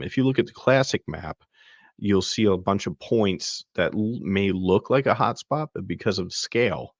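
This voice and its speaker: A podcast host with a very low, gravelly voice talks through a web tool in a loose, rambling way, full of fillers and restarts. The sound is dry and slightly dull, like a plain home setup. He comes across as relaxed and casual. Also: no echo. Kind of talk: casual screen-share walkthrough.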